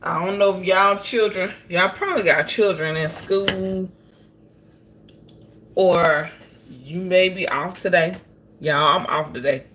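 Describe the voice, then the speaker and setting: A woman's voice: on the low side, fairly bright tone, slight background noise. A woman chatting casually to her viewers while cooking in her home kitchen for a vlog. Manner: chatty, talks straight to viewers. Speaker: vlogger.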